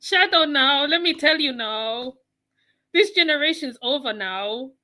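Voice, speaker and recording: A woman's voice: sits high, expressive, measured pace, sharp tone. A woman with a West Indian accent giving mocking reaction commentary, scolding and repeating her phrases for emphasis. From West Indies. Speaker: channel host.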